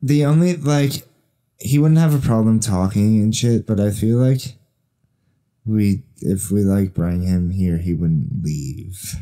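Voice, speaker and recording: Low, mellow-voiced male podcast co-host. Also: takes it slowly. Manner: animated storytelling with swearing. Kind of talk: casual chat.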